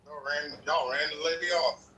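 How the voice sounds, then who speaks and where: A man's voice: fairly high pitch, fairly even intonation, normal speed, pushed and bright, far from the mic, a little hiss or hum, low-quality recording. A man co-hosting a casual chat show, talking animatedly and stumbling over restarts. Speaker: co-host.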